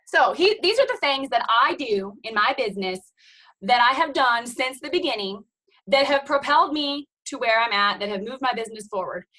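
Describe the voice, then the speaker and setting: Team leader, woman in her thirties, rousing video-call pep talk with a bright, ringing voice. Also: on the high side, lively intonation, moderate pace, low-quality recording. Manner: emphatic, preachy, chatty, with "you guys" and "okay?".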